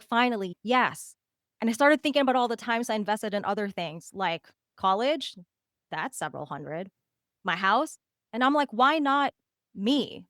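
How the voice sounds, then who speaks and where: A woman coach talks to a live group in a candid, animated way. She drops in casual swearing and acts out her own past thoughts. The sound is dry and close, and her pitch sits in a middle range. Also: dry recording. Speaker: coach and podcast host. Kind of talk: live masterclass talk.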